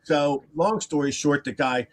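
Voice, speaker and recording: A man's voice: on the high side, measured pace. A man casually telling a long, rambling story on a live stream. He repeats himself, adds asides and acts out other people's lines. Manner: animated and rambling, with repeated words, asides and laughter.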